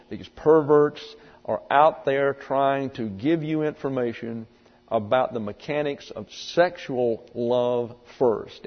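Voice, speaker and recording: A man preaching a sermon, stressing key words slowly and asking rhetorical questions of a congregation. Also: mid-range voice, slightly rough. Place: church or lecture hall with congregation. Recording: dull sound with long hall reverb.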